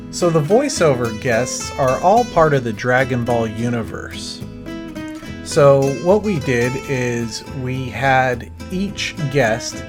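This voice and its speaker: A convention organizer explains the event calmly and very slowly, in a measured documentary tone. Plucked guitar music plays behind the voice. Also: mid-range voice.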